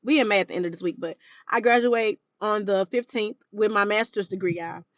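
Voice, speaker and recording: A woman's voice: medium pitch, a little fast, dry recording, highs cut off. A woman in her early thirties gives an emotional personal testimony, close to tears, talking straight to her viewers. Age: 30s. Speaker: podcast host.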